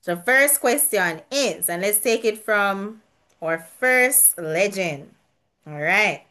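A woman's voice: medium pitch, lively intonation, slow, sharp tone. A woman hosting a casual quiz over a video call, chatty, laughing often and restarting her sentences. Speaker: quiz host at an online church gathering.

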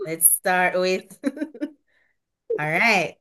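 A woman's voice: fairly low pitch, very animated, very slow, sharp tone. A woman hosting a casual quiz over a video call, chatty, laughing often and restarting her sentences. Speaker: quiz host at an online church gathering.

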